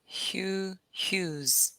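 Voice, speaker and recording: A woman learning English over a video call, speaking carefully and haltingly, repeating words to practise them. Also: medium pitch, gravelly, sharp tone, a little hiss or hum, poor audio. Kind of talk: casual online lesson.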